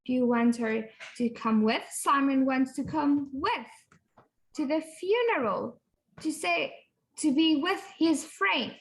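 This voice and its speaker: Woman English teacher, bright high voice, slow and patient, explains as she reads. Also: rough recording. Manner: slow, patient, explains words and repeats phrases. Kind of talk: reading and explaining a textbook dialogue to pupils.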